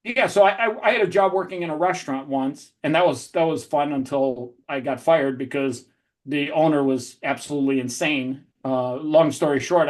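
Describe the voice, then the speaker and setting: Energetic storytelling man, higher voice. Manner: energetic, animated storyteller with frequent restarts. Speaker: entrepreneur guest. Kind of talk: storytelling podcast interview.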